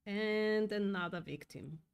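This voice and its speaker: A woman's voice: mid-range voice, slow pace, creaky, clean tone. A woman hosting a casual livestream, upset and thinking aloud, swearing often as she reads chat. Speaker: livestream host reading chat.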